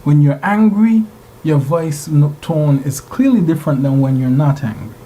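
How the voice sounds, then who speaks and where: A man's voice: fairly high pitch, expressive, normal speed, dark tone, rough recording. A man teaching a class, lecturing and regularly putting rhetorical questions to his students. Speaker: instructor.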